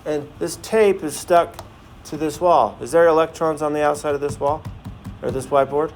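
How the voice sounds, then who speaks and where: A man's voice: on the high side, moderate pace, a little mellow, faint music behind. Man teaching a class, asking questions. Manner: asks the class many questions, jokey. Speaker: science teacher. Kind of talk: classroom lecture with demonstration.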